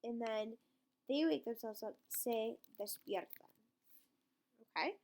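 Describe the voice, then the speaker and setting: A woman teaching a Spanish grammar lesson, explaining step by step and slowing down to spell out each word, often checking in with "right?" and "okay?". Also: a little high, darkish tone.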